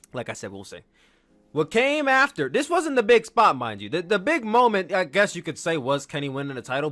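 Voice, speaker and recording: Excitable male podcast host, casual rambling recap, higher pitch, bright edge. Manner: excitable, rambling, acts out quotes.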